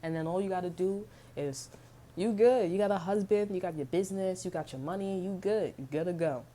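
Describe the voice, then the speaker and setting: A woman's voice: fairly low pitch, brisk, warm tone. A woman giving a casual tarot reading, chatty and slangy, swearing freely and humming little tunes between thoughts. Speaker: tarot reader.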